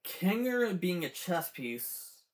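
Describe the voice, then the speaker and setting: Slow-talking fan, swearing and teary. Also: medium pitch, big pitch swings. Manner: rambling, swears often, gets teary. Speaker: fan commentator. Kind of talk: casual show breakdown.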